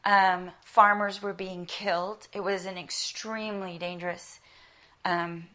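A woman's voice: fairly low pitch, little pitch movement, unhurried, a bit bright. A middle-aged woman from South Africa with an American accent, preaching an earnest sermon built on personal stories. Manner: earnest, emphatic, storytelling.

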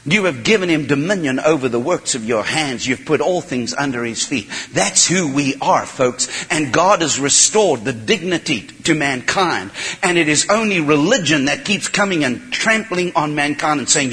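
A man's voice: fairly high pitch, expressive, normal speed. Impassioned preacher man in a big hall. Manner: impassioned, swings from quiet to shouting. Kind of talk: sermon. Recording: long hall reverb.

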